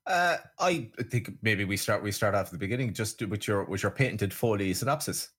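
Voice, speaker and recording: A man's voice: lowish voice, lively intonation, brisk, fairly bright tone, slightly rough. A man co-hosting a podcast, chiming in with dry, teasing remarks. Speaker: podcast co-host. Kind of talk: casual chat.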